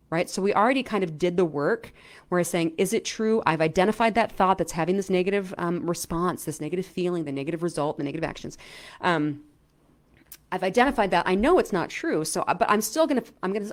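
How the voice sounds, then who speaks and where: Middle-aged woman coach talking to camera, kinda low voice, chatty and animated, lots of "right?". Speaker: self-help coach. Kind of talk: casual explainer talk to camera.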